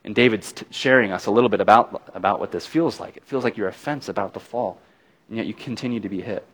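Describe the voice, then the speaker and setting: A man's voice: lowish voice, quick pace. A middle-aged man preaching a sermon in a conversational, folksy way, with easy laughs between points. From not from Alabama. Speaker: pastor.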